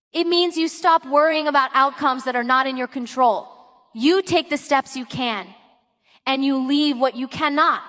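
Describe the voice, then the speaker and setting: A woman giving a calm, measured, reflective religious motivational narration. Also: high-pitched. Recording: long reverb tail.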